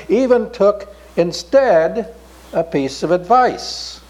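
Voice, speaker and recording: A man telling a folk tale in an unhurried, expressive way. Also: fairly high pitch, lo-fi sound. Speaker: storyteller.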